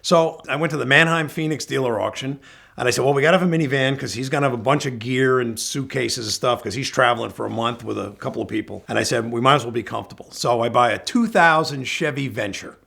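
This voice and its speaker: A middle-aged man casually telling a road-trip story as a guest, animated and acting out the lines of people in it. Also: mid-range voice, fast talker, creaky.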